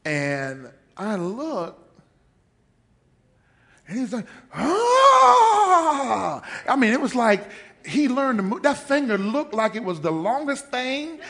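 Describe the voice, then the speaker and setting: Male pastor, sermon storytelling, high voice, big swings in pitch, unhurried. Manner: animated storytelling, acts out voices, laughs often.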